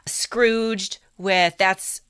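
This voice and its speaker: A woman's voice: mid-range voice, fairly even intonation, extremely slow, fairly bright tone, smooth, dry recording. A woman co-hosting a podcast in casual chat with a dry, wry manner. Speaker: podcast co-host.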